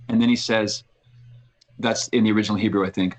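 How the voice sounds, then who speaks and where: Male podcast guest, lowish voice, animated storyteller who restarts his sentences. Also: fast talker, low-quality recording. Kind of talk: casual conversation.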